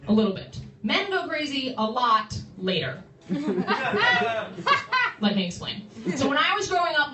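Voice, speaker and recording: A young woman doing a stand-up set, dry and self-deprecating, with quick asides to the audience. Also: sits high, fairly bright tone. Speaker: stand-up comedian. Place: small bar comedy room. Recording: roomy, from far off the mic. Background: audience laughter.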